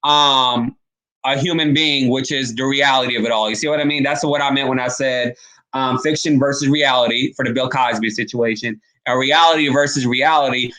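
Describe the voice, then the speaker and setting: Bright-voiced man giving emphatic commentary. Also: mid-range voice, fairly even intonation, moderate pace. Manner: emphatic and slangy, addressing viewers directly. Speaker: online commentator. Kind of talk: casual commentary vlog.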